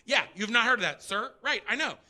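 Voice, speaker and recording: A middle-aged man doing stand-up on stage, energetic and profane, swinging from loud bits to muttered asides. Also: very high voice, brisk. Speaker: stand-up comedian. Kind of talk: stand-up comedy set. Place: theater stage before a live audience.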